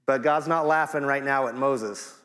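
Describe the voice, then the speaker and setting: A man's voice: mid-range voice, normal speed, fairly bright tone, big-room sound, slight background noise. A middle-aged man preaching a sermon in a conversational way, dropping jokey asides. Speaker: guest preacher.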